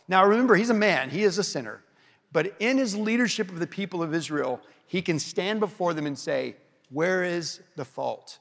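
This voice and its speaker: A man preaching an expository sermon, slowing down and dropping his voice for emphasis. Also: sits high, lively intonation, vocal fry, big-room sound. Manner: varies pace and loudness for emphasis.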